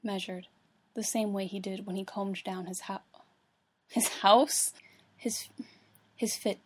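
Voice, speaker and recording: Speaking slowly at a medium pitch with fairly even intonation, a woman alone at home reads a fan story into her computer's microphone. She fumbles words, swears, and laughs at herself, and a little hiss or hum can be heard.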